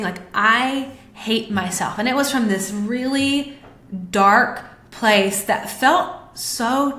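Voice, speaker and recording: Sitting on the high side, this woman's voice sounds pushed and bright in an echoey room. She hosts a podcast and is live-streaming via webcam or phone, confiding candidly in viewers with plenty of fillers.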